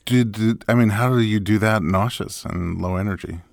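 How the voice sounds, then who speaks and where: A man's voice: on the low side, moderate pace, vocal fry, no echo, clean studio sound. A man hosting a casual podcast interview, asking curious questions and cracking jokes. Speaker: podcast host.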